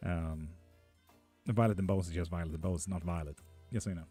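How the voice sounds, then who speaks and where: A man's voice: sits low, fairly even intonation, brisk, warm tone, husky, soft background music. A man chatting on a live stream as a tarot reader, reading out viewer comments, casual and sweary with frequent laughs. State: hot and sticky.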